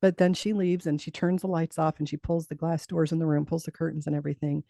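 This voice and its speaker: A middle-aged woman speaks as an interview guest, sharing her own story earnestly and acting out the voices she remembers. Her voice is low and mellow with a gravelly edge, and the recording is close and dry with no room sound. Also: little pitch movement, fast talker, no room sound. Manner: earnest, acts out quoted dialogue. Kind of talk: personal storytelling in conversation.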